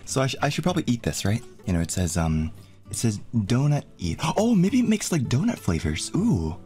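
A man's voice: fairly low pitch, sing-song, a little fast, dark tone, faint music behind. A man streaming, muttering to himself as he cooks. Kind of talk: casual chat while cooking.

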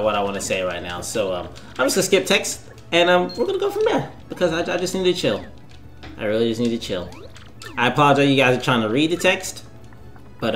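A man's voice: fairly low pitch, fairly bright tone. A man hosting a let's play, rambling and self-deprecating as he comments on the game. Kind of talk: casual gameplay commentary.

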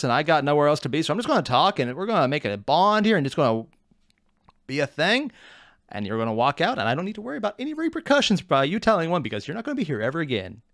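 A man's voice: on the high side, fairly bright tone, no echo, clean studio sound. A man putting on the voice of a weary stranger who vents bluntly to someone passing through. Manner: rambling, blunt venting. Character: weary bar regular venting to a stranger.

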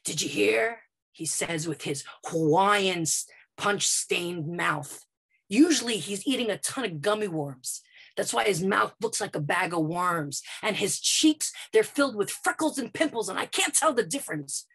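A woman from Brooklyn telling a first-person story on stage, dramatic and vivid, moving between quiet and loud passages. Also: mid-range voice, expressive, unhurried, husky. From Brooklyn, United States.

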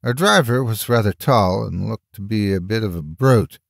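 A man narrating a first-person horror story in a measured storytelling voice. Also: fairly low pitch, gravelly, no echo, studio quality.

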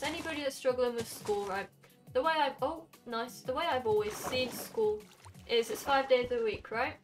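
A young Welsh woman chatting casually with her viewers while playing a game on stream, rambling from one thought to the next. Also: on the high side. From Wales. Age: young adult. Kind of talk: casual gaming stream chat.

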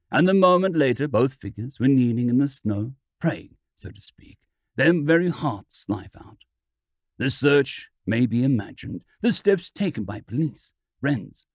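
A man narrating an old science fiction tale as an audiobook, with expressive storytelling on a close mic. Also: mid-range voice, dry recording. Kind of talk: scripted narration.

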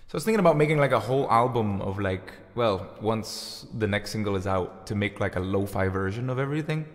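A man's voice: lowish voice, animated, a little fast, big-room sound. A man of thirty hosting a music livestream, rambling casually through viewer comments with lots of fillers. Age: 30s. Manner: rambling and chatty, full of fillers. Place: home room with lights and guitar gear.

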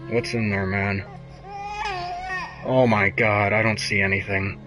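A young man narrates his own horror playthrough in a low, slow mutter, swearing constantly. Frights push him into startled yelps. Faint music plays behind him. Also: flat delivery. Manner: profane, jumpy, muttering and yelping with fear. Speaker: gamer streaming a horror game. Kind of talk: frightened live gameplay commentary.

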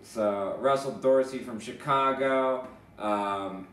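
A man's voice: medium pitch, slow pace, fairly bright tone. Dry-voiced man in a roomy space. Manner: dry, matter-of-fact, wraps things up. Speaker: co-host of a sports show. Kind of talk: casual chat. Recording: roomy, distant mic, faint noise.

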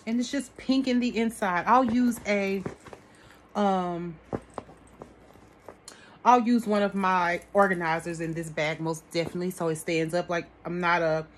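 A woman's voice: lowish voice, steady tone, a little slow, long pauses, slight background noise. A woman vlogging an unboxing of a haul, gushing over each item and talking to her viewers as sis and y'all. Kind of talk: product unboxing chat.

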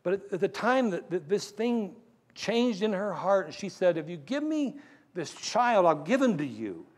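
A man's voice: sits high, big pitch swings, measured pace, long reverb tail. A man preaching a sermon as pastor, retelling a Bible story with acted-out lines of dialogue.

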